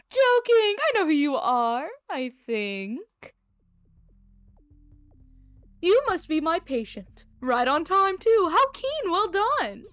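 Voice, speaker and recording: A woman's voice: very high voice, sing-song, slow, fairly bright tone, no room sound, pitched above the performer's own voice, full character voice. Eccentric sinister male doctor, gleeful and showy, played by a woman, dry muffled audio. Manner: theatrical, gleeful, mock-menacing.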